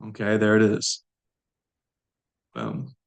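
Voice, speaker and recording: A man with a fairly low voice runs a language lesson at an unhurried pace. He says each word aloud, repeats it patiently, then explains it in plain terms. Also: big pitch swings, creaky. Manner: slow, patient, repeats words aloud for learners. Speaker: language teacher.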